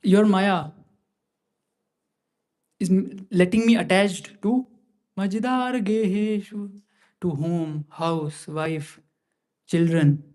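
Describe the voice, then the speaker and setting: A man leading a scripture class, chanting Sanskrit verses slowly and then explaining them casually with many fillers. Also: high voice, darkish tone. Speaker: class speaker.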